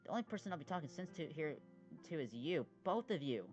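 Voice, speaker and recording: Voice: medium pitch, sing-song, quick pace, dull audio, music in the background, natural voice. A voice actor doing a plucky cartoon big sister. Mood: defiant. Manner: bossy, encouraging, bold. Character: cheerful can-do big sister, a child. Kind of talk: animated web series voice acting.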